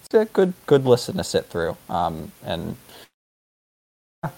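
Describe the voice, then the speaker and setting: A man's voice: deep voice, wildly swooping pitch, measured pace, creaky, warm tone. A man appearing as a podcast guest, chatting casually and hesitantly with many fillers. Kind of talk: casual chat.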